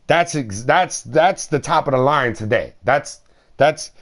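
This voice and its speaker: A man's voice: medium pitch, expressive, a little slow, fairly bright tone. A man streaming a game, chatting casually in a slangy, rambling way and swearing freely. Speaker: gaming streamer.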